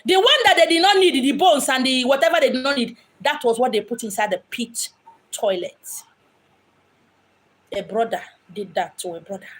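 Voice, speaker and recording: A woman's voice: high-pitched, moderate pace. A woman from Abia State in Nigeria with a Nigerian accent, a spiritual medium speaking in an impassioned, dramatic monologue. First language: Igbo. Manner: dramatic, acts out quoted voices. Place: home in Lagos.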